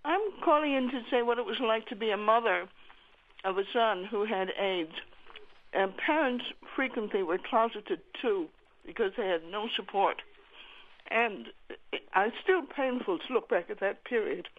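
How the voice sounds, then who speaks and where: An older woman calling in to a radio show, upset and near tears, speaking in a halting, emotional way. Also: mid-range voice, a little hiss or hum. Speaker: caller. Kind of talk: call-in radio. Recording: tinny phone line.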